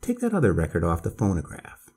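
A man's voice: deep voice, wildly swooping pitch, quick pace, a little mellow, breathy edge, voice pushed down, full character voice. A man voicing a blunt, proud and impatient six-year-old girl in a storybook reading.

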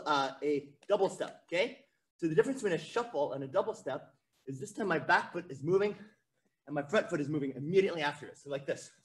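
Energetic high-voiced male martial arts instructor. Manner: energetic, coaching, counting out drills. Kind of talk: virtual kids' class instruction.

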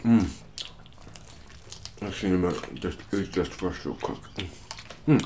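A woman's voice: extremely low pitch, unhurried, dark tone, a little hiss or hum. A woman eating on camera with her child, chatting casually and coaxing between bites. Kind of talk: casual eating vlog chat.

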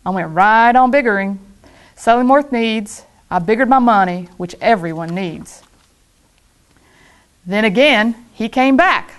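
A woman's voice: fairly high pitch, measured pace. Woman reading a storybook playfully. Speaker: school staff reader. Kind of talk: reading a children's book aloud.

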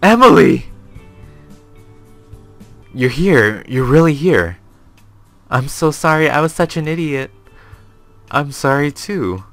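A man's voice: fairly high pitch, lively intonation, slow, pauses often, soft background music, voice pushed up. A man voicing an emotional young newlywed woman in a raised, pleading voice. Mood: tearful.

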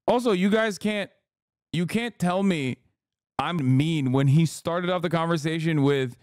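A man's voice: a little high, a little slow, no room sound, clean studio sound. A man in his thirties livestreaming his reactions to a clip, casual, joking and sarcastic. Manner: joking, sarcastic, laughs between lines. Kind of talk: casual stream commentary.

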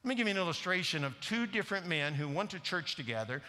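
A man's voice: sits high, big pitch swings, fast talker, sharp tone, in a large hall. A man preaching a sermon in a church, earnestly and directly questioning the congregation. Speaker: guest preacher. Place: church sanctuary.

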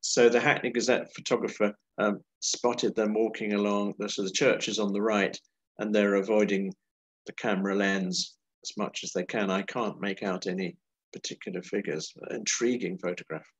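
A man giving an illustrated history lecture from his slides, with wry, unhurried commentary. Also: on the low side, level tone, low-quality recording.

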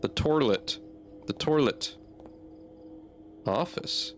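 Jumpy swearing gamer guy, lively pitch. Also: slow, background noise. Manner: jumpy, swears a lot, reacts aloud. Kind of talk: horror game commentary.

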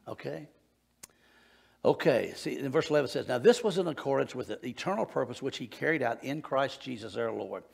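A man preaching a sermon in a church, folksy and animated, bantering with the congregation. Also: medium pitch, gravelly. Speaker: pastor. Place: church sanctuary.

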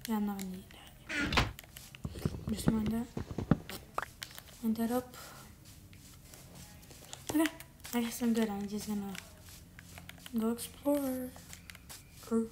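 A woman's voice: fairly high pitch, slow pace, pauses often. A woman giving casual commentary while playing a game, rambling and correcting herself as she thinks aloud. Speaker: gamer. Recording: loud background noise with clicks.

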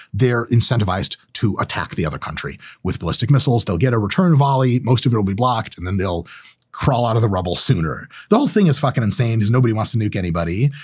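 A man hosting his own show, talking in a casual monologue, animated and profane, with big swings in pitch when he voices other people's reactions. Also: slightly rough. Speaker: host.

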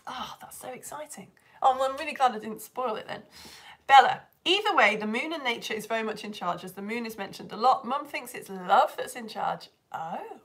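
A woman's voice: on the high side, sing-song, fast, fairly bright tone. Bubbly woman teacher on a live stream. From United Kingdom. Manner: bubbly, laughs often, greets viewers by name. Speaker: online teacher.

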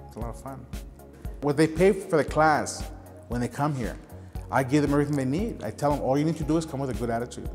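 A middle-aged man who teaches ceramics speaks earnestly, telling stories from his classes in a documentary-style interview. His voice sits at an everyday middle pitch. It carries a long reverb, and faint music plays underneath. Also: fast, darkish tone. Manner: earnest, storytelling with gestures.

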